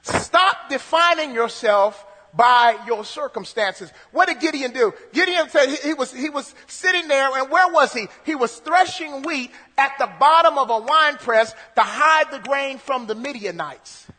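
A man's voice: very high-pitched, normal speed, few pauses, bright, forceful tone, big-room sound. A man preaching a sermon. He reads scripture aloud and then preaches, repeating phrases and restarting sentences.

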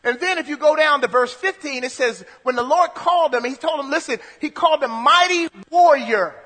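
A man with a very high, bright voice preaches a sermon. He reads scripture aloud and then expounds on it, often repeating phrases and restarting sentences. His voice carries a long hall reverb. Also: fairly quick.

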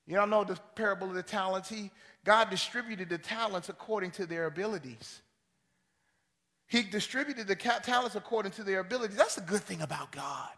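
A man preaching a sermon, swinging between shouted lines and hushed, near-whispered drops. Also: very high-pitched, long reverb tail. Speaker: pastor.

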